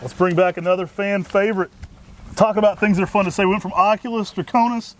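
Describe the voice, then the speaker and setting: Guy hyping up maples, highish voice, lots of y'all. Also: quick pace. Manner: energetic, folksy, says y'all. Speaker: co-host of plant show. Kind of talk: enthusiastic product talk.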